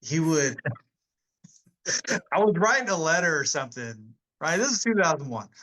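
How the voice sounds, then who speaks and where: Man in his forties with a bright, fairly high voice, a veteran guest who rambles through stories with lots of fillers and laughs. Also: sing-song, unhurried, rough recording. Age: 40s. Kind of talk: casual storytelling in an interview.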